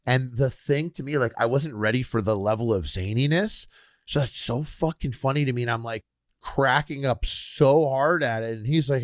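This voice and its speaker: Animated swearing man telling a story. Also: mid-range voice, normal speed, no room sound, studio quality. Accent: Canadian. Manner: animated, swearing, acts out quoted people. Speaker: podcast co-host. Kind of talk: casual storytelling chat.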